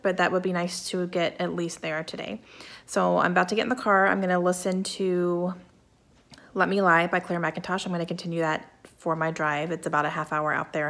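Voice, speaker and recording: A woman's voice: on the low side, gravelly, a bit bright. A woman in her thirties chatting casually in a reading vlog at home, upbeat and laughing often. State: talking around a mint in her mouth. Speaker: book vlogger.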